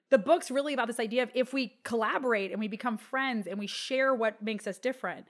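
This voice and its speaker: A woman's voice: fairly high pitch, fast talker, hardly any pauses. A woman in her thirties with a Texan accent, speaking as an interview guest and telling a heartfelt personal story with lots of fillers. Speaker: guest, children's book author. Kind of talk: conversational interview.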